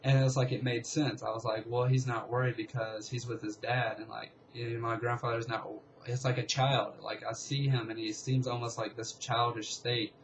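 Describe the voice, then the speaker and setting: A young man casually telling a long story, rambling and excitable, with lots of fillers. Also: medium pitch, moderate pace, few pauses, muffled recording, a little hiss or hum. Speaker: vlogger.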